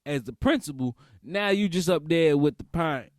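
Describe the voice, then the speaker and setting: A man, talking as a podcast host in a comedic, casual monologue, repeating phrases and breaking into loud outbursts. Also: a little high, animated, normal speed, no room sound.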